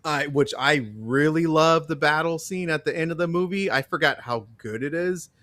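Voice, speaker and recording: A man on a casual live film review panel, speaking haltingly with many fillers. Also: fairly high pitch, pushed and bright, no echo.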